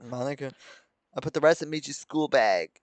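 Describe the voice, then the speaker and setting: A man's voice: medium pitch, animated, fairly quick. A young man streaming live as he reads a visual novel aloud, breaking off into chuckles and joking asides. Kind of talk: live let's-play commentary mixed with reading aloud.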